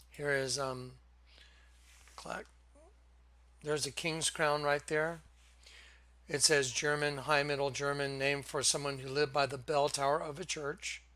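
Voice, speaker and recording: A man hosting his own religious video, giving an earnest, halting testimony to camera with many restarts. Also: mid-range voice, pushed and bright, dry recording.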